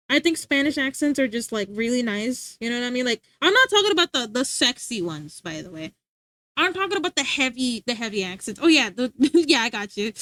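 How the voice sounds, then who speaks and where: A young woman livestreams from her home setup, reading the stream chat and chatting casually with viewers, teasing them playfully and laughing a lot. Her voice is a little high and somewhat bright, with no echo.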